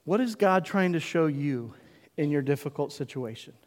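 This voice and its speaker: High-voiced male pastor preaching in a hall. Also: lively intonation. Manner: emphatic, call-and-response preaching with dramatic pauses. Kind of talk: sermon. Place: church sanctuary.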